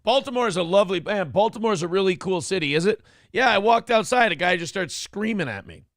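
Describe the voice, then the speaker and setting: A man hosting a morning show, reacting to a clip with loud, profane mockery and shouting now and then. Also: high-pitched, expressive, fast talker, slight background noise. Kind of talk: crude comedic commentary on a clip.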